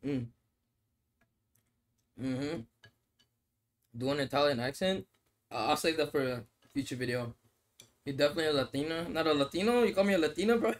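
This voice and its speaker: Young man, fairly high voice, laid-back streamer banter with laughs and swearing, chats while eating. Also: brisk, pauses often. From Australia. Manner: talks while eating noodles. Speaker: mobile game streamer. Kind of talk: casual livestream chat, reading comments.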